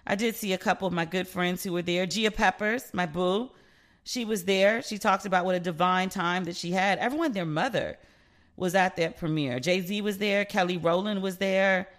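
Candid woman podcaster with a bright voice. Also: fairly low pitch, normal speed. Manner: candid and chatty, swears freely, acts out quoted exchanges. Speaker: podcast host and relationship expert. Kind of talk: solo gossip podcast chat.

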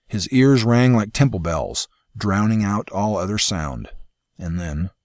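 Man, low voice, dramatic measured storytelling, fantasy audiobook narration, dry close sound. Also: animated, a little mellow, no room sound.

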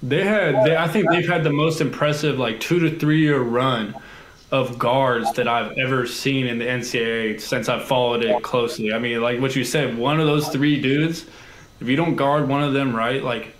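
A man's voice: mid-range voice, steady tone, normal speed. A man co-hosting a casual interview, talking like an enthusiastic fan. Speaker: podcast co-host. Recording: echoey room, faint noise.

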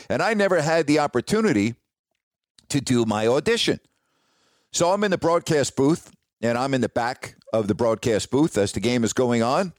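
A sportscaster telling a personal career story in a casual, animated, ad-libbed way. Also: male voice, medium pitch, dry recording, clean studio sound. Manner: casual, animated retelling with ad-lib restarts.

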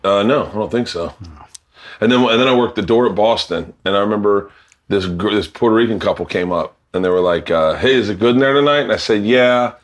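Animated storytelling man, swears freely. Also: on the low side, a little fast. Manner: animated, swearing, acts out quoted voices, laughs a lot. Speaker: comedian telling stories on a cooking show. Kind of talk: casual storytelling chat.

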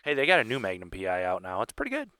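A man's voice: on the low side, wildly swooping pitch, racing, pushed and bright, clear, resonant tone, dry recording. A man in casual podcast chat, joking and chiming in with asides. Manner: jokey, chimes in with asides. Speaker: podcast co-host.

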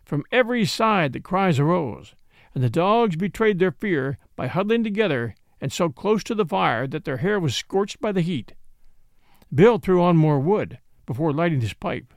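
High-voiced guy reading a story aloud, really lively, gravelly, dry close mic. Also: normal speed, no echo. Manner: expressive storytelling with varied character voices. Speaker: narrator. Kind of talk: audiobook reading.

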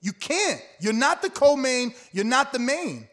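Loud, combative older man arguing. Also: very high voice, very animated, measured pace. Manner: loud, combative, repeats himself, profane. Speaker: fighter. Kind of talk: heated argument.

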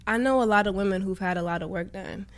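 A woman's voice: medium pitch, fast talker. A woman guest in a casual interview, playful and teasing, talking with a sick voice. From San Francisco Bay Area.

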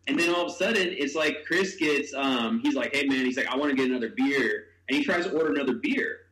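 Animated man telling a story in an echoey room. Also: medium pitch, fast, slight background noise. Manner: animated storyteller, acts out quotes, laughs while talking. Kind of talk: casual chat.

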